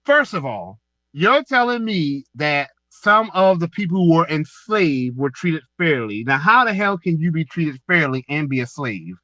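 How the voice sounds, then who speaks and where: A man's voice: a little high, animated, moderate pace, few pauses, bright, forceful tone, dry recording. A man with a Southern US accent hosting a live online audio space, lecturing a caller in a heated, emphatic way and repeating himself.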